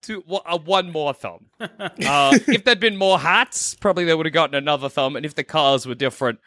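A man's voice: fairly high pitch, brisk, bright, forceful tone, dry recording, studio quality. A man hosting a casual game podcast, playful and jokey, laughing often. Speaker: podcast host reviewing games. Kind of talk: casual chat.

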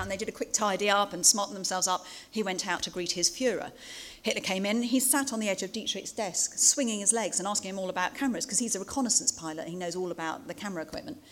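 Brief: middle-aged woman, animated storyteller, chatty asides, mid pitch. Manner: lively anecdotal, frequent asides and fillers. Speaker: speaker recounting interviews. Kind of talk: storytelling talk to an audience.

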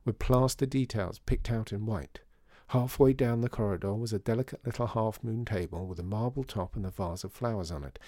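Male narrator reading a story, low gravelly husky voice, dry close sound, bouncy delivery. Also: no room sound. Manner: expressive, lively reading.

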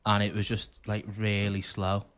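A man's voice: on the low side, completely flat delivery, moderate pace, fairly bright tone, slight background noise. A man, co-hosting a podcast and telling a rambling anecdote with plenty of swearing. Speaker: podcast co-host. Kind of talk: casual chat, storytelling.

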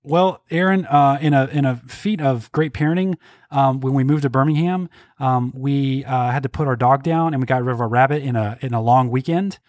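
A man's voice: medium pitch, moderate pace, darkish tone, no echo, studio quality. A man co-hosting a casual pop culture podcast, wry and self-deprecating. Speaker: podcast co-host.

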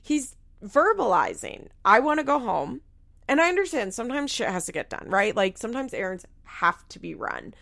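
Young woman, gravelly voice, casual show recap, blunt, swears a lot. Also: mid-range voice, very animated, a little fast, hardly any pauses, a bit bright. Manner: frank, swears freely, many "like"s. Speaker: reality TV recap host. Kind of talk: casual opinionated commentary.

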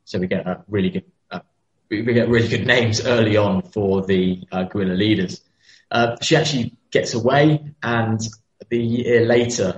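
A man retelling history in a casual podcast chat, hesitant and storytelling. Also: medium pitch. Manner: hesitant, many fillers and restarts, storytelling. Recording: dull lo-fi sound.

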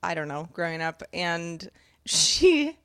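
Animated woman podcast co-host, dry sound. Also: lowish voice, slow pace, clear, resonant tone, dry recording. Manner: animated storyteller who mimics friends in character voices. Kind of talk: casual chat.

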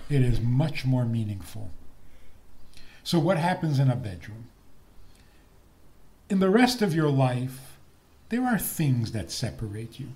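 A man's voice: mid-range voice, warm tone. Guy lecturing on marriage, jokey, chuckles at his own lines, takes his time. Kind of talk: humorous lecture.

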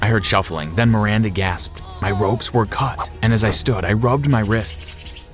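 A man narrating a scripted story in a steady, measured reading voice. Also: on the low side. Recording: music behind.

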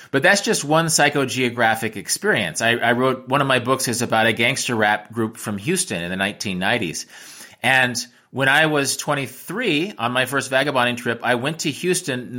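Man, American accent, travel writer, bright tense tone, reflective interview talk, frequent restarts. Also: medium pitch. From United States. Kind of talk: interview answers.

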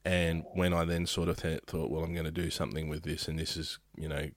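A man's voice: extremely low pitch, little pitch movement, brisk, a little hiss or hum. An Australian man hosting a casual podcast chat, rambling with frequent restarts and laughing easily. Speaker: podcast host.

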